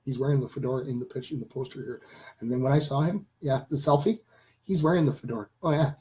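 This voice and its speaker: A man hosting a casual live stream, rambling enthusiastically to his viewers and addressing them as ladies and gentlemen. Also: medium pitch, fast talker, poor audio. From Canada. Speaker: channel host.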